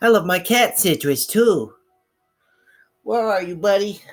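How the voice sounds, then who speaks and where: A man putting on a talking pet cat voice, high and squealing. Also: lively intonation, unhurried, faint music behind, full character voice. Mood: coaxing.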